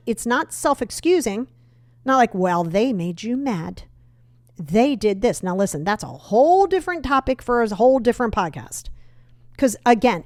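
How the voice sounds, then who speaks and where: A woman's voice: on the high side, a little mellow, no echo, clean studio sound. A young woman hosting a self-help podcast, talking bluntly and emphatically with some mild cursing. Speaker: podcast host. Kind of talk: motivational self-help talk.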